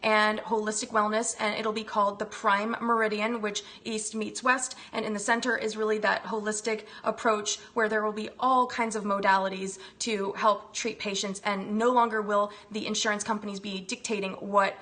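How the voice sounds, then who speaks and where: A woman's voice: medium pitch, little pitch movement, normal speed, few pauses, fairly bright tone. A woman hosting a casual wellness livestream, effusive and bubbly, greeting viewers by name as she chats into her phone. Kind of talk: live-stream chat greeting viewers.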